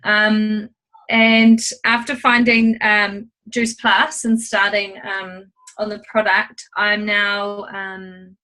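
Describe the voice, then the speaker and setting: A woman in her thirties giving a testimonial over a video call, unhurried and pausing often with ums. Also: medium pitch, level tone, bright, forceful tone, low-quality recording. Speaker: guest speaker.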